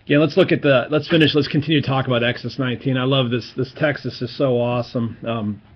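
A man's voice: medium pitch, fairly even intonation, quick pace, slightly rough, highs cut off. A man giving an informal, enthusiastic Bible teaching lecture, stressing key words as he explains.

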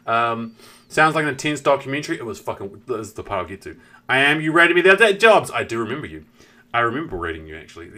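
A young man with a thick southern New Zealand accent chats on a live game stream, drifting off his story to greet viewers and swearing casually. His voice is bright and lively, and his pitch sits at an ordinary middle height. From South Island, New Zealand. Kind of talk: casual live-stream chat while gaming.

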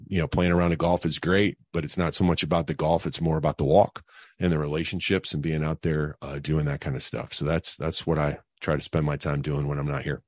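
A man's voice: very deep voice, no room sound, clean studio sound. A middle-aged man and financial advisor, talking casually as a podcast guest and telling stories with lots of fillers. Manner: rambling, filler-heavy, enthusiastic storyteller. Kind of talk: casual interview talk.

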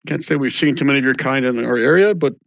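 A man's voice: medium pitch, fast talker, vocal fry, a bit bright, no echo. A man voicing a placating old white-bearded town leader in a tabletop game. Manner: soothing, placating, hesitant. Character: worried old mayor with big white beard.

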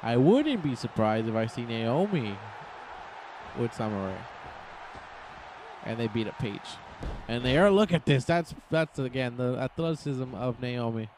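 Excitable male play-by-play voice, mid pitch, rambling and loud on big moments. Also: measured pace, long pauses, noisy background. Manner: excitable, rambling, jumps into sudden shouts. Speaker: gameplay commentator. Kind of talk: excited play-by-play of a wrestling video game.

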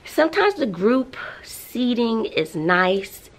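A woman's voice: fairly high pitch, sing-song, slow. A woman teacher talking casually to the camera in a classroom, ranting expressively with frequent sighs and laughs. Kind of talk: casual vlog talk to camera.

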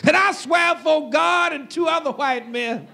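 Man, stand-up comedian, loud raunchy storytelling, bright, tense voice with gravelly fry. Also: extremely high pitch, measured pace, slight background noise. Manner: loud, shouting delivery.

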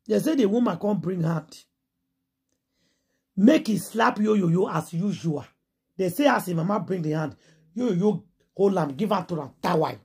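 A woman with a Nigerian Pidgin accent, excitably retelling celebrity gossip with quick asides and exclamations. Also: on the low side, creaky, slightly rough. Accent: Nigerian Pidgin English. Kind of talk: dramatic gossip storytelling.

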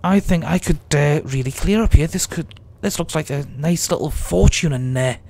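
Male let's-player with a sore throat, rambling, keeps wandering, slightly high voice. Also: normal speed, vocal fry, darkish tone, slight background noise. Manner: rambling, chatty, mock-grumbling at the game; drifting in and out of put-on accents. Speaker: let's play gamer. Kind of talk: casual gameplay commentary.

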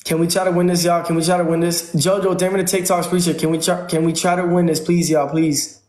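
A man's voice: on the high side, little pitch movement, quick pace, a little mellow, echoey room. A man livestreaming from home, pleading with viewers over and over and thanking them by name. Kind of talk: casual livestream chat. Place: home room.

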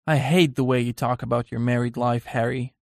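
A man's voice: mid-range voice, fairly even intonation, brisk, creaky, darkish tone, no echo, studio quality, natural voice. A man voicing an earnest young painter in an audiobook, confiding and uneasy in tone.

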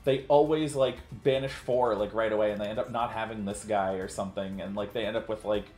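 A man's voice: on the low side, fairly even intonation, a little fast, a little mellow. A man co-hosting commentary on a card game match, chatty and rambling, full of "like" fillers. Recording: roomy sound with faint music. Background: faint background music.

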